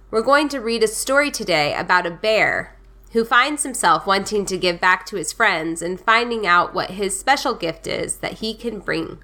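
A woman hosting a children's storytime podcast, talking in a gentle, friendly, unhurried way. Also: mid-range voice. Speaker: podcast host.

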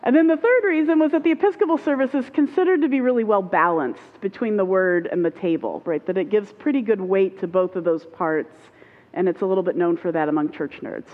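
A woman pastor with a brisk, medium-pitched voice teaches a sermon in a church sanctuary, talking conversationally and leaning on fillers like "right" and "like." The audio is muffled, with long reverb from the hall.

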